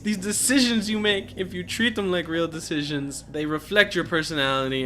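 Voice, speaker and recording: A young man giving let's play commentary, thinking aloud and getting emotional, sometimes breaking into high exclaims. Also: noisy background. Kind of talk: gameplay commentary.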